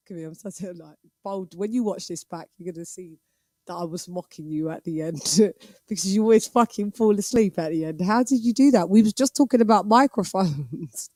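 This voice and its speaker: Playful female host of a live-stream chat show, giggly and teasing, mid-pitched voice, dry close sound. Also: normal speed, mellow, no echo. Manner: playful and giggly, teasing viewers, drops in Spanish phrases.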